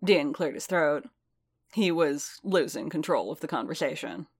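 A woman narrating a fan-written story aloud in a steady, unhurried way. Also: low voice, slightly rough. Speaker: reader. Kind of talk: fan fiction audiobook narration.

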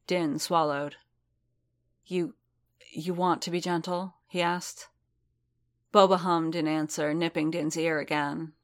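A woman narrating fiction in a measured, steady reading. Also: low voice.

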